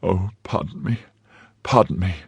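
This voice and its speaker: A man's voice: deep voice, animated, measured pace, creaky, husky, no echo, lo-fi sound, full character voice. A man voicing a young, trusting and lovesick novice nun in a raised, earnest tone. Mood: pleading.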